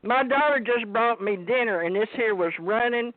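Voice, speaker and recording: A woman with a thick Southern drawl hosts a casual talk show, chatty and joking. Her voice sits high, and it comes through a dry, narrow phone line. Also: normal speed, hardly any pauses, no echo. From southern United States. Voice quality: country drawl. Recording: phone-line call-in audio.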